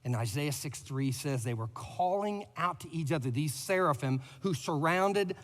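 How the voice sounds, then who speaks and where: A man's voice: fairly high pitch, animated, normal speed, long reverb tail. A man preaching a sermon as pastor, building emphasis and lifting his voice on repeated words. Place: church sanctuary.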